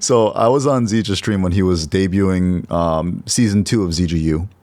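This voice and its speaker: A man with a very low voice hosts a relaxed podcast. He runs through the announcements loosely, with many ums and uhs. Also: normal speed, no echo. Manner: loose, filler-heavy announcements. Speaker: podcast host. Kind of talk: casual chat.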